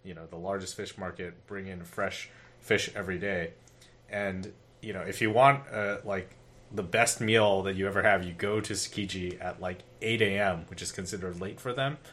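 A man on a podcast explaining things casually, halting now and then with fillers. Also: sits low, steady tone, fairly bright tone, a little hiss or hum. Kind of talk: casual chat.

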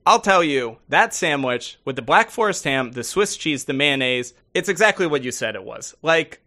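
A man co-hosting a podcast in casual chat, rambling with many halting restarts. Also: on the high side, lively intonation, pushed and bright. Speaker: podcast co-host.

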